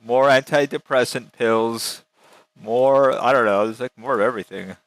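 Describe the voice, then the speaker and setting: A man in a casual chat, skeptical and halting, rambling through his thoughts. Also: mid-range voice, no room sound.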